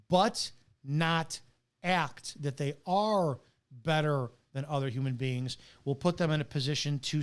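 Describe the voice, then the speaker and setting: A man's voice: on the high side, clean tone. A middle-aged man, a retired police officer, delivering a bitter, profane, preachy rant with hard stressed words. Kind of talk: ranting monologue to camera.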